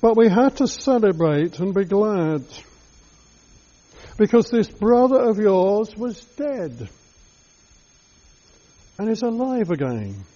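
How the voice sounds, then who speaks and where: A man voicing a gentle, pleading old father. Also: high voice, very animated, slow pace, long pauses, lo-fi sound, exaggerated voice. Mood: tender. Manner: gentle, soft-spoken. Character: tender, peace-loving old father pleading with son.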